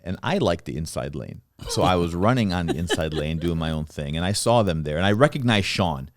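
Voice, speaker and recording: Deep-voiced man telling a lively story. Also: a little fast, no room sound, clean studio sound. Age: middle-aged. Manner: animated, laughs through his own anecdotes. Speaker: podcast host. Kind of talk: casual storytelling chat.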